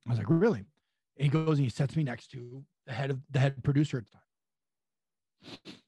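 Gravelly, profane man telling stories. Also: mid-range voice, moderate pace, no echo. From California. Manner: profane, rambling, animated anecdotes. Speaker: wrestling guest. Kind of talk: casual podcast storytelling.

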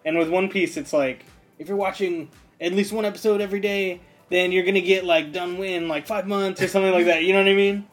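A man's voice: sits high, steady tone, brisk, faint music behind. A man co-hosting an anime podcast in casual chat, easygoing and rambling, with slangy asides. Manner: easygoing, rambling, slangy, says "you know what I mean". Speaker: podcast co-host.

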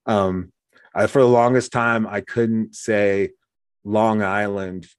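A man's voice: lowish voice, slow, clear, resonant tone, no echo, clean studio sound. A man talking casually as host, telling stories and acting out what people said. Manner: animated storyteller, acts out quotes. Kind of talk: casual conversation.

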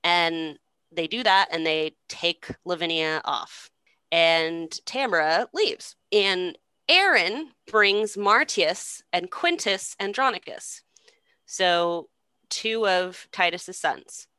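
A woman's voice: on the low side, animated, slow, bright, forceful tone, clean tone, dry recording. A young woman casually retelling a play with irreverent, slangy humor and frequent swearing. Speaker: storyteller.

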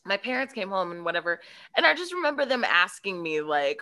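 A woman's voice: mid-range voice, fairly quick, vocal fry. A woman, a podcast guest, telling a childhood story in casual chat and acting out the voices in it. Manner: animated, acts out voices in her story.

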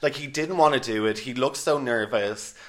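A man's voice: medium pitch, normal speed. A man co-hosting a podcast in casual chat, swearing freely and filling his talk with "like". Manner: chatty, swears freely, many "like" fillers. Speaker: podcast host.

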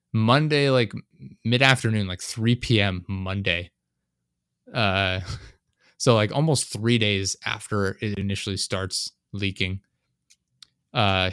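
A man's voice: fairly low pitch, a bit bright, clean tone, no room sound, studio quality. A man in casual chat, telling stories in a profane, ranting way.

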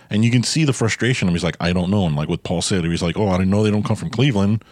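Man, very deep voice, podcast co-host, casual film chat, dry close sound. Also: fast, hardly any pauses, no room sound. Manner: animated, retells scenes with quoted lines.

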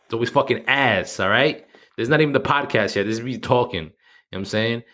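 A man's voice: mid-range voice, quick pace, fairly bright tone. A man around thirty hosting his own podcast, talking casually and rambling, swearing freely and poking fun at himself. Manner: rambling, profane, self-mocking, laughs at himself. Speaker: podcast host. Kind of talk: casual solo podcast monologue.

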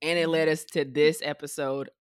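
A woman hosting a podcast in casual chat, animated and profane, laughing often. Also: low voice, normal speed, clear, resonant tone. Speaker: podcast host. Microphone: video call.

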